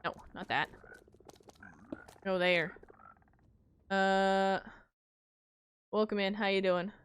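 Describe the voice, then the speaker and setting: Hiccuping as she plays, a woman talks to herself and her audience while building in a game, poking fun at her own slip-ups in casual commentary. Her mid-range voice is smooth and level, and she speaks extremely slowly.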